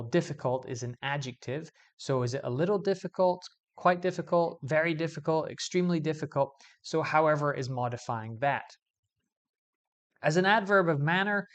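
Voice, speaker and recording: A man teaching English grammar in a video lesson, explaining clearly and stressing key words as he goes. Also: on the high side.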